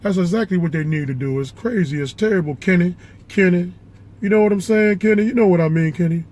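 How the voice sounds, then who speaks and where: A man's voice: sits high, fast, a little mellow. A man impersonating a blustery, ranting basketball pundit who keeps calling out to his co-host. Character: loud gruff male basketball pundit.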